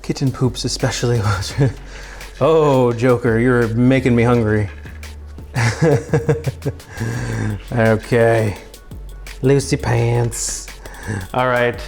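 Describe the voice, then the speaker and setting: A man's voice: mid-range voice, steady tone, extremely slow, gravelly, pauses often, a little mellow, faint music behind. Joking man streaming from his kitchen. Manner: joking, self-mocking, chatty. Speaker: streamer cooking live. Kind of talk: casual livestream chat. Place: home kitchen.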